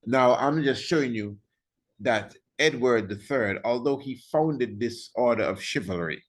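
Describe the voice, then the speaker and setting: A man's voice: medium pitch, lively intonation, measured pace. A man giving an informal history lecture, emphatic and repetitive, firing rhetorical questions at his listeners and chuckling at his own remarks.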